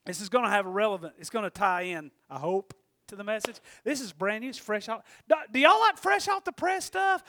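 Preacher guy, real high voice, gets loud then goes quiet, all fired up. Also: normal speed, dry recording, studio quality. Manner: excitable, swings from loud shouting to hushed. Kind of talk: sermon.

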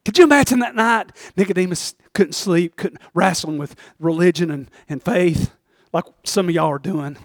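A man's voice: sits high, normal speed, few pauses, no echo, clean studio sound. A male preacher delivering an emphatic sermon who repeats his points and speaks directly to the congregation.

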